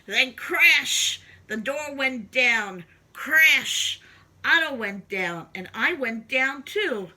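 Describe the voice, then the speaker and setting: A woman reading a children's story aloud, with expressive, sing-song emphasis. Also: high-pitched, very slow. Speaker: storybook reader.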